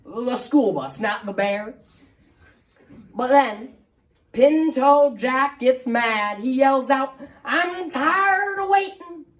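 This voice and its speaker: A man's voice: very high voice, animated, slow, fairly bright tone, voice pushed up, heavily acted. A man voicing a cranky, forgetful hundred-year-old man who rambles through his old stories in a quavering old-timer twang. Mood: rambling. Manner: crotchety, easily offended, repeats his stories. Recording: roomy, distant mic.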